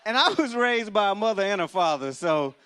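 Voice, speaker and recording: An animated male stand-up comedian, working a live audience from a church stage. His voice sits a little high for a man, and he tells punchy stories that break into loud bursts. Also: brisk, clear, resonant tone.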